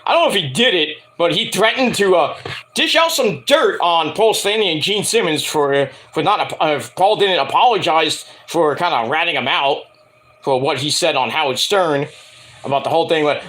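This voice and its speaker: A man's voice: fairly high pitch, lively intonation, normal speed, a bit bright. A man reviewing a wrestling show for his viewers, rambling and profane, with jokey asides. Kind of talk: casual rant to viewers.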